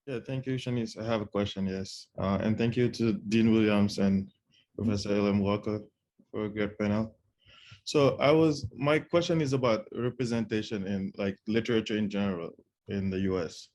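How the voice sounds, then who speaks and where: A man in the audience asking a question over a video call, in a fairly low voice. He speaks hesitantly, filling his pauses and repeating words as he phrases his question. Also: darkish tone. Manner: hesitant, many fillers and repetitions.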